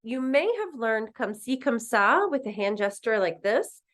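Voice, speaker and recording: A woman teaching a recorded French lesson, patiently explaining and repeating phrases slowly. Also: a little high, big pitch swings.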